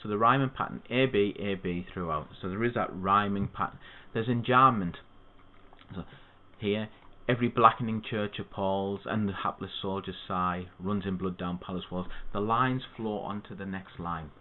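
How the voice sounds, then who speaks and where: A man explains a poem to students in a steady, methodical way, now and then stopping for an aside. His voice sits a little low. The sound is thin and tinny, as if it came down a phone line. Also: normal speed. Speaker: English literature tutor.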